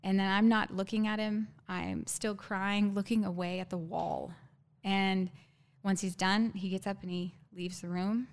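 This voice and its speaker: A woman guest telling a painful personal story in a halting, earnest way, with many fillers and restarts. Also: mid-range voice, flat delivery.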